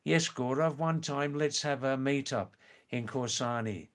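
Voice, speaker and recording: Australian male streamer, unhurried and deliberate, mid-pitched, chuckles often while reading comments. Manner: slow, careful and clear, with frequent chuckles. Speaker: live stream host. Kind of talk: casual live-stream chat reading viewer comments.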